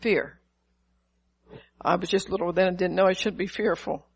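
An older woman pastor preaching a sermon, lively, asking the congregation questions and acting out quotes. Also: on the low side, moderate pace, husky, rough recording.

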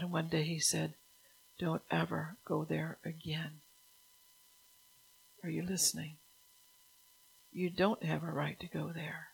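A woman preaching a sermon in a gravelly voice that slides into vocal fry. Her pitch stays flat and level as she passes on God's words in the first person and reads out scripture. She keeps breaking into casual asides to the congregation. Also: rough recording.

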